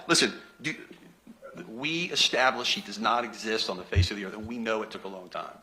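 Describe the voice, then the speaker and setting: A man's voice: fairly low pitch, brisk, pushed and bright. A man giving a courtroom closing argument to a jury as a prosecutor, emphatic and sarcastic, firing off rhetorical questions.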